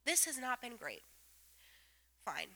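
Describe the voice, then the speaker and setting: A woman telling a personal anecdote to a group with comic self-mockery, swinging from loud exclamations to hushed asides. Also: a little high, huge pitch swings, takes it slowly, low-quality recording. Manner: comic self-mocking delivery. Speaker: storyteller.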